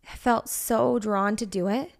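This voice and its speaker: A woman's voice: mid-range voice, fairly even intonation, slow pace, creaky. A woman in her thirties co-hosting a podcast, talking candidly and personally, with lots of "like" in her casual chat. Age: 30s. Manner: chatty, heavy use of "like", candid and personal. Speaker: podcast co-host.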